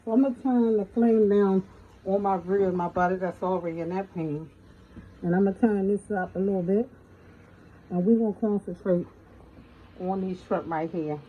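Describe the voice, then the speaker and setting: A woman's voice: mid-range voice, normal speed, phone-quality sound, a little hiss or hum. A middle-aged woman giving a folksy, chatty cooking tutorial in her home kitchen, often calling out to viewers as y'all. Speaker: home cook.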